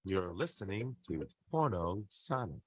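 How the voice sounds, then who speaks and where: A man's voice: low-pitched, big pitch swings, unhurried, voice pushed down. A man putting on a celebrity's voice for a recorded show intro drop. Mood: smug. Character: impression of a famous adult film actor doing a show intro.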